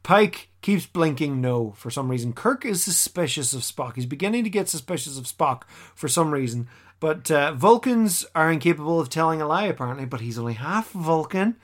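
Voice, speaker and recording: A man casually recapping a TV episode on a podcast, animated and quick to act out the characters' lines. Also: on the high side. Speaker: podcast co-host.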